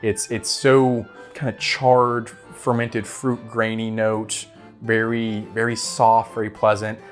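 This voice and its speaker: Man, low voice, drawl, relaxed whiskey vlog chat, faint guitar music behind. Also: slow. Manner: relaxed, repeats words, says "right?" often. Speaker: whiskey reviewer and channel host. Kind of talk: casual recommendations to camera.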